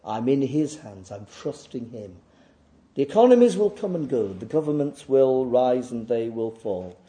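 A man preaching a sermon, swinging between loud emphatic declarations and quieter reflective passages. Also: medium pitch, very animated, normal speed. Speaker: pastor.

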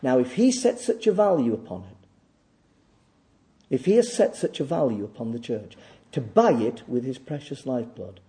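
A man preaching a sermon, emphatic and repetitive, swinging between loud declaiming and quiet asides. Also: mid-range voice, very animated, normal speed. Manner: emphatic, repeats phrases for stress. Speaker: pastor.

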